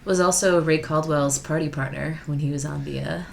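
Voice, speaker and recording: A woman co-hosting a comedy trivia podcast, dropping quiet, dry one-liners. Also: sits low, fairly even intonation, fairly quick, gravelly, a crowd in the background. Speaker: podcast co-host. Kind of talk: casual trivia chat.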